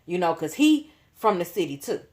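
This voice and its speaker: A woman's voice: lowish voice, moderate pace. Slangy woman telling a story. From Chicago. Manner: animated, slangy, leans on "you know what I'm saying". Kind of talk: casual storytime.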